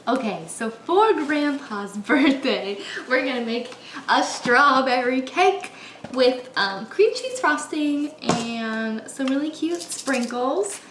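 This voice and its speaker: A woman's voice: sits high, lively intonation, slow pace. Rambling young woman vlogging while baking. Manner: rambling, laughs often. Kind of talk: casual chat while baking. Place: kitchen in her apartment. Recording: echoey room, faint noise.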